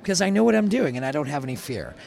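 Animated storytelling man. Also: a little high, racing, gravelly. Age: middle-aged. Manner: animated storyteller, acts out quotes. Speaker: guest, food truck owner. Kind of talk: casual panel chat.

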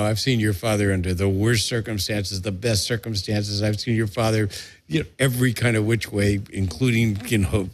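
An older man, a musician guest, telling stories in a casual interview, animated and repeating himself with frequent laughs. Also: fairly low pitch, dry recording.

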